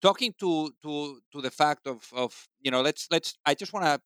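A man's voice: fairly high pitch, moderate pace, fairly bright tone, clear, resonant tone, no room sound, studio quality. A man hosting an interview, asking friendly questions and often repeating words as he starts. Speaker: podcast host.

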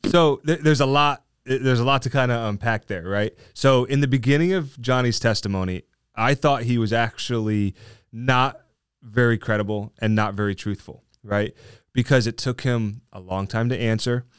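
A man in the role of a trial lawyer talks through a case in a relaxed, conversational way. His voice is smooth and clear, recorded dry and close. He keeps checking in with his listeners as he explains. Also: medium pitch, moderate pace, no echo. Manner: talkative, explains with frequent "right?". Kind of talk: casual discussion.

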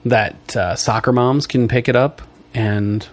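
A man co-hosts a casual podcast, adding and correcting details in an easy, relaxed way. His voice is husky with a breathy edge at an ordinary pitch. He sometimes lets a sentence trail off before picking it back up. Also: measured pace. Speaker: podcast co-host. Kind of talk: casual chat.

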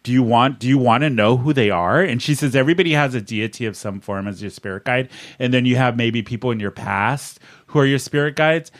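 A man's voice: fairly quick, few pauses. A man co-hosting a podcast, telling a story in casual chat and acting out the other people's lines. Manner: animated storyteller, mimics others' lines with raised pitch. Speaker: podcast co-host.

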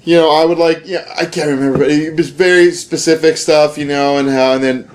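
A young man recounting a story in a loose, rambling way, full of fillers and restarts. His voice sits a little high. He chuckles as he goes. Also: steady tone, fairly quick. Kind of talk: casual storytelling.

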